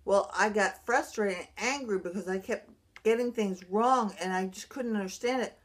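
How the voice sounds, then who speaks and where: Earnest woman talking with halting restarts. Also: mid-range voice. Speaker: brain injury survivor sharing recovery advice. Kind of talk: personal vlog monologue.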